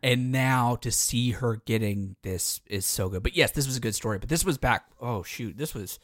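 A man's voice: medium pitch, normal speed, fairly bright tone, no room sound. A man with a mid-range voice co-hosts a podcast in casual chat. He talks eagerly, often restarting his sentences and laughing along. The recording is dry and close-miked. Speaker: podcast co-host.

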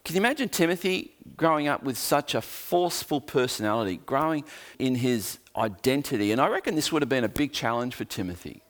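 A man's voice: mid-range voice, expressive, a little fast. A man with an Australian accent, preaching a sermon as a pastor in an earnest, conversational way with joking asides.

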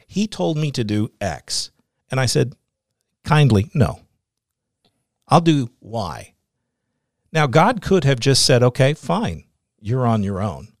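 A man's voice: medium pitch, no room sound, studio quality. A middle-aged man, a radio host as guest, telling his faith story in an earnest, reflective way. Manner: earnest, reflective, laughs easily.

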